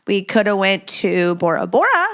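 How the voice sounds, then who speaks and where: Recording a casual solo podcast at home, a woman in her thirties rambles loosely and makes self-mocking asides, occasionally dropping to a whisper. Her mid-range voice is clean and fairly bright, with big pitch swings at a normal speed.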